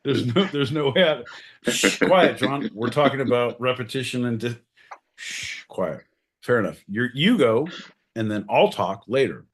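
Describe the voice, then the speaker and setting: A man co-hosting a podcast, joking loudly, interrupting and swearing, with sudden jumps in pitch. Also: lively intonation, fairly quick, a little hiss or hum. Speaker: podcast co-host. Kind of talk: rowdy comedic banter.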